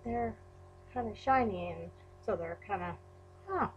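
Slow, gushing woman crafter. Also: mid-range voice, muffled recording, noisy background. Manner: gushing, exclaims often. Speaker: crafting YouTuber. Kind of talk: unboxing a mail package on camera.

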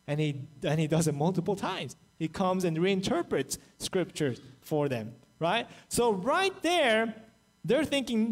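A man's voice: a little high, measured pace. A man pastor preaching a sermon for an online church service, telling the story with acted-out quotes. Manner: animated storytelling, acts out quoted voices.

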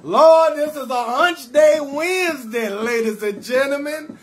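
A man riffs loudly and playfully, greeting viewers in a rambling, sing-song patter. He hosts a casual live stream from his bed at home, with faint music playing behind him. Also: very high-pitched, a little slow. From New Orleans. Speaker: comedian hosting a live call-in show.

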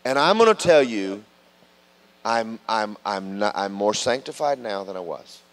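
A man preaching a sermon in a church, telling stories in a lively way that moves between loud calls and quiet asides. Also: on the low side, measured pace. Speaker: pastor. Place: church sanctuary.

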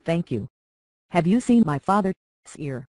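A proud, quick-tongued young noblewoman, as an audiobook reader puts her on, pleading one moment and cutting the next. The delivery is dry and close, with an even middle pitch. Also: dry recording. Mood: earnest. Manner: pleading, then sharply biting. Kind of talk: audiobook character reading.

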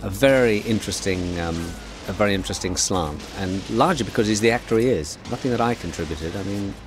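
Man, very low voice, middle-aged, relaxed anecdotal director's commentary, lots of ums and uhs. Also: fast talker, music in the background. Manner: relaxed anecdotal, many fillers. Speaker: film director. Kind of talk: DVD audio commentary.

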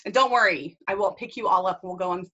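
A woman's voice: medium pitch, fast talker, bright, forceful tone, dull audio. A woman leading a team video call, enthusiastic, casual and gushing as she encourages her group. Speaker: team leader and mentor.

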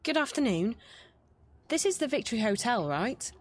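A cool-headed young heroine. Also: female voice, on the high side, big pitch swings, moderate pace, a little hiss or hum. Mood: bluffing. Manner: composed, polite and firm. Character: calm, quick-witted young woman bluffing her way in. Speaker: game protagonist. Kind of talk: video game voice acting.

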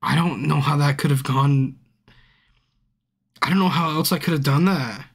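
A man's voice: fairly high pitch, moderate pace, vocal fry, breathy edge. A drunk man streaming a game, chatting casually with his viewers by name, frustrated and swearing a lot. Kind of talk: casual live-stream chat.

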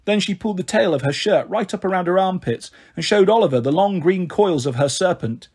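Male storybook reader, animated, slightly husky. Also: high voice, a little fast. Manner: expressive, voicing characters. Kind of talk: reading a children's novel aloud.

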